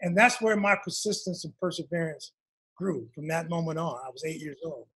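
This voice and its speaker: A man's voice: fairly high pitch, animated, a little fast, a bit bright, husky. A man, an author and guest, telling a long personal story in an interview and acting out his parents' lines.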